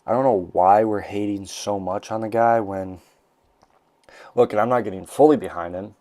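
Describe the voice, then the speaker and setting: A man's voice: lowish voice, fairly even intonation, moderate pace, mellow, dry recording. A young man hosting a casual comedic podcast monologue, rambling and jokey with lots of restarts. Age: young adult. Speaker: podcast host. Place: college bathroom. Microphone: desk mic.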